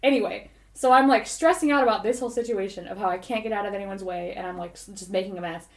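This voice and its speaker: A woman's voice: medium pitch, fast. A woman co-hosting a podcast, animatedly retelling a dream in casual chat and leaning on "like" as she goes. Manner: rambling, animated storytelling full of "like". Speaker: podcast co-host. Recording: roomy echoey recording.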